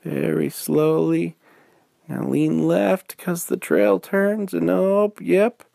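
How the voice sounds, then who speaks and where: A man voicing a friendly, encouraging male talking bear in a bedtime story, with an easygoing, coaxing manner and a slow, gravelly delivery. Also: a little high, flat delivery, warm tone, dry recording, pitched above the performer's own voice, exaggerated voice. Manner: cheerful, coaxing, laid-back.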